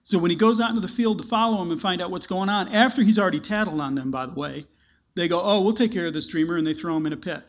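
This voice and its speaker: A man with a notably high voice delivers a conversational sermon. He preaches like he's chatting with the congregation, and he acts out the characters' lines as he tells the story. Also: fast talker. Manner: conversational, animated storytelling with acted-out quotes. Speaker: pastor.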